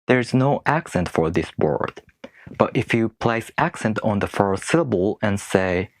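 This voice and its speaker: A man teaching in English, which is not his first language. His voice is low and swings widely in pitch as he asks rhetorical questions and slowly sounds out syllables. The sound is dry and close. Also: animated, dry recording. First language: non-English speaker. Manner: rhetorical questions, slow careful demonstrations of stress. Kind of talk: explanatory video lesson.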